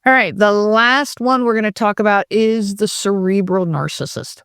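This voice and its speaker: A woman's voice: medium pitch, moderate pace, a bit bright, smooth, no room sound, studio quality. A woman hosting a podcast, explaining in a conversational way with fillers and restarts. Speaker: podcast host.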